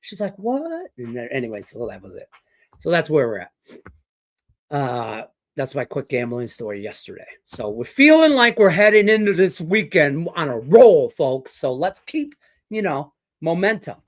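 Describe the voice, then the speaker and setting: A sing-song, slightly high male voice at a moderate pace comes from a middle-aged sports betting podcast host from Detroit. Chatting casually with betting picks, he wanders through a profane story stuffed with fillers.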